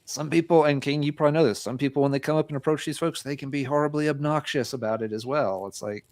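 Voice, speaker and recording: Relaxed, rambling male podcast host. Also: a little high, fast talker. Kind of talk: casual chat.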